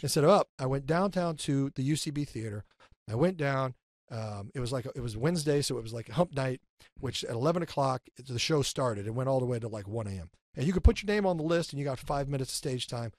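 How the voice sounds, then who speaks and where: A middle-aged man telling an animated personal story as an interview guest. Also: mid-range voice, fast, no room sound, studio quality. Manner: animated, acts out his inner argument.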